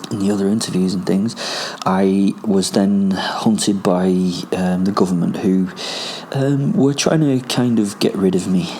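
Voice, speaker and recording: Rambling Northern English man, low voice. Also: a little mellow, slight background noise. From Rochdale, England. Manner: rambling, sweary, full of ums and asides. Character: self-styled werewolf, boastful ex-soldier on the run, male adult. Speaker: podcast host. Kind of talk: in-character first-person storytelling.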